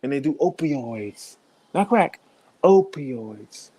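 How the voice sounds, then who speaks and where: A man's voice: medium pitch, lively intonation, takes it slowly, dark tone, husky. A man giving blunt, profane reaction commentary in a casual way, laughing between points.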